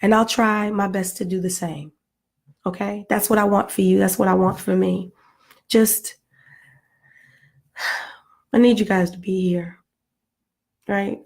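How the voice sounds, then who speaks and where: A woman's voice: medium pitch, steady tone, normal speed, gravelly, long pauses. A middle-aged woman talking to her viewers in a casual, heartfelt vlog, earnest and pleading, with playful asides. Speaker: vlogger.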